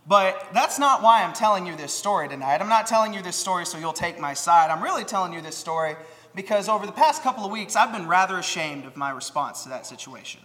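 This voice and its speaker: A young man giving a sermon, telling a personal story earnestly with many "uh" fillers and reading scripture in a slower, measured way. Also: sits high, lively intonation, fairly bright tone. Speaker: preacher. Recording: long hall reverb.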